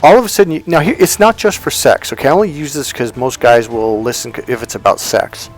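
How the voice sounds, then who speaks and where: A man's voice: medium pitch, quick pace. Emphatic man coaching on dating. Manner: emphatic, repetitive, acts out examples. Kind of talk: casual monologue to camera.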